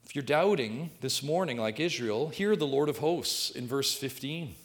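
A male pastor preaching a sermon, reading scripture and swinging from hushed, intimate remarks to emphatic, repeated declarations. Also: mid-range voice, expressive, normal speed, hardly any pauses.

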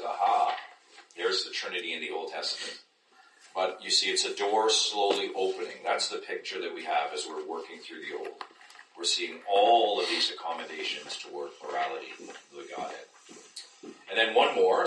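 A man leads a Bible class in a very low voice with a bright, forceful edge. He keeps drawing his listeners in with questions as he teaches. He is recorded from a distance in an echoey room. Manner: engaging, checks in with listeners often. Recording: echoey room, distant mic, faint noise.

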